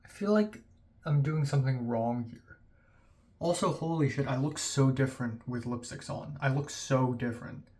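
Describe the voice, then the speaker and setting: A young man talking quietly and rambling to his phone camera, chuckling to himself as he walks an empty street at night. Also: medium pitch, moderate pace. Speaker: vlogger. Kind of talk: casual self-filmed vlog.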